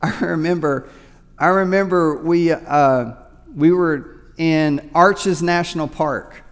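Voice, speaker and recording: A man's voice: fairly high pitch, slow pace, clean tone, long reverb tail. A man preaching a sermon as pastor, talking conversationally and often repeating his words mid-sentence. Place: church sanctuary.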